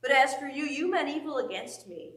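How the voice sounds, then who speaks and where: A woman's voice: high-pitched, lively intonation, brisk. Emphatic woman teaching Bible study. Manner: emphatic, asks the group questions, reads scripture aloud. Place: church meeting room. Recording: echoey room, mic at a distance.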